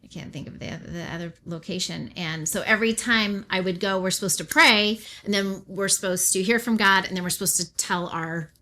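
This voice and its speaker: A woman's voice: mid-range voice, a little fast, hardly any pauses. A middle-aged woman from Oregon, a pastor telling her personal faith story as an interview guest, acting out the remarks she quotes. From Oregon, USA. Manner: animated storyteller who acts out her own and others' remarks.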